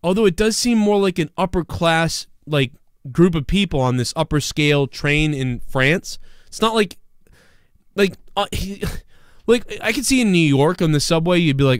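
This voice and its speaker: A man hosting a live stream show in casual, profane chat, breaking into loud mock screams when excited. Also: fairly high pitch, moderate pace, clean tone, dry recording, studio quality. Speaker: livestream show host.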